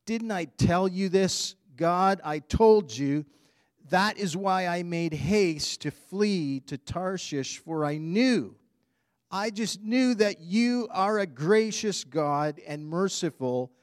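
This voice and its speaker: A man's voice: high voice, lively intonation, slow, no room sound, clean studio sound, voice pushed up. A man reading the lines of an angry, despairing prophet in a pleading, indignant tone.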